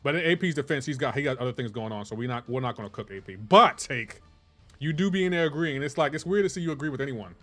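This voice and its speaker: A male game streamer bantering with his chat in a loose, teasing way, feigning offense for laughs. His voice sits at a middling pitch, and faint music plays softly behind him. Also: expressive, fast. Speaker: livestream gamer. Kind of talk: casual chat with live chat viewers.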